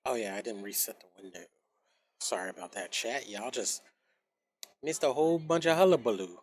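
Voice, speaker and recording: A man's voice: mid-range voice, normal speed. A man streaming a video game, chatting casually with his viewers in a loose, rambling way, swearing now and then and humming little scat noises. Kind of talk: casual gaming stream chat.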